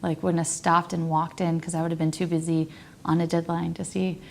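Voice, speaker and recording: A woman's voice: fairly low pitch, level tone, brisk, creaky, a little hiss or hum. A young woman talking reflectively in a rambling personal monologue, often saying "like" and dropping to a near whisper. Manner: rambling, frequent "like", laughs, drops to near whisper.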